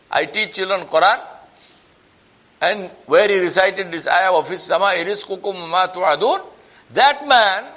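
A man preaching a sermon as a story, acting out the people in it with lively shifts of voice. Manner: animated, acts out quoted voices with rising pitch.

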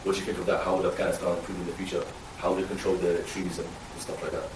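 A man in the audience asking a question, rushed and a little hesitant. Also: low-pitched, completely flat delivery, echoey room, recorded from a distance, noisy background.

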